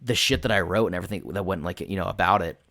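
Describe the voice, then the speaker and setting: A man hosting a podcast over a voice call, telling a tabletop game story in an animated way and swearing freely. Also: low voice, rapid-fire, dry recording, studio quality. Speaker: podcast host and game master. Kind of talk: casual storytelling chat.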